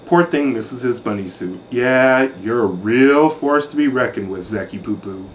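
A man's voice: mid-range voice, lively intonation, measured pace, slight background noise. A man giving a sassy, catty recap of a reality show in a campy, sarcastic manner.

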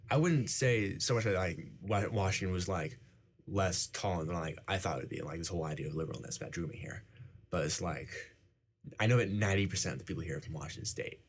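A man's voice: deep voice, fast talker, slightly rough. A young man, a university student, answering interview questions casually and rambling with many fillers. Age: young adult.

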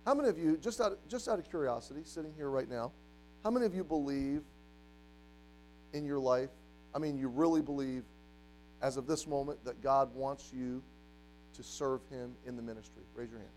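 A man preaching a sermon to a congregation, telling a story and moving from quiet, hushed passages to loud, emphatic ones. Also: mid-range voice, moderate pace, long pauses, faint music behind, poor audio. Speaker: pastor. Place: church.

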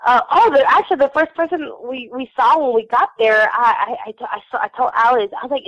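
A woman's voice: high voice, fast, hardly any pauses, fairly bright tone, dry recording, rough recording. A young woman from Houston telling a bubbly, giggly fan story, full of fillers. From Houston, Texas. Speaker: fan recounting a trip. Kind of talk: casual chat.

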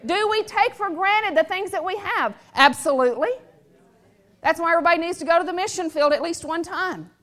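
Middle-aged woman pastor, high pitched, emphatic sermon delivery with call-and-response. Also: a little fast, a bit bright. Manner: emphatic, repetitive, calls for audience response. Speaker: preacher.

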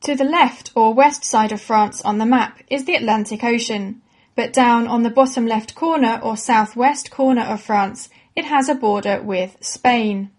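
Lady teaching kids, clear and patient, slightly high voice. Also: moderate pace, darkish tone. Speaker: presenter of a children's educational podcast. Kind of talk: scripted educational narration for children.

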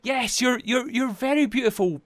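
A man co-hosting an improvised comedy podcast, talking in a wheedling, deadpan way. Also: very high-pitched, moderate pace, no room sound. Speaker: podcast co-host.

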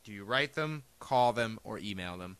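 A man's voice: lowish voice, lively intonation, normal speed, fairly bright tone, smooth, no room sound. A young man co-hosting a casual chat show, telling rambling joking stories. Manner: rambling, jokey storyteller. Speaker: podcast co-host. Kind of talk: casual banter.

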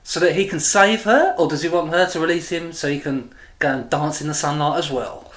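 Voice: medium pitch, brisk, a bit bright. An English co-host of a podcast, recapping a TV episode in casual chat with wry remarks.

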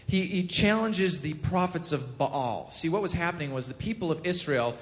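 A man giving a casual sermon, telling a scripture story with lively acted-out quotes and frequent self-corrections. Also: normal speed. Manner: animated storytelling, acts out quotes with rising pitch and volume; self-corrects, chuckles at own jokes. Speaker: preacher. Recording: long hall reverb.

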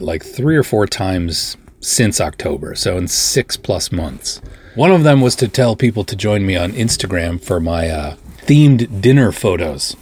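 A man's voice: lowish voice, breathy edge. A middle-aged man hosting a podcast, talking casually in a self-deprecating, joking way. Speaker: podcast host. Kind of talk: casual monologue.

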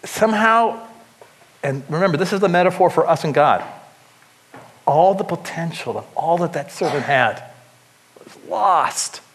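Male pastor, sermon delivery, fairly high voice, animated asides with frequent restarts. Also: a little slow, pauses often.

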